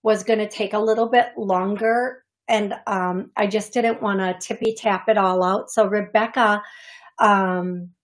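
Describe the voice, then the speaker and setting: A woman who hosts a psychic medium radio show, talking chattily and with feeling to a caller, often pausing with fillers. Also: medium pitch, fairly even intonation. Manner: chatty, emotional, warm-hearted, uses fillers. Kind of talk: call-in reading on radio. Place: radio studio.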